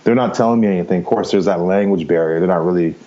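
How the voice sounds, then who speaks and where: Telling his story in the first person, a podcast guest from Canada in his fifties rambles along, often tossing in "right?" and "you know." He speaks very fast in a low voice with a dark tone, over dull audio.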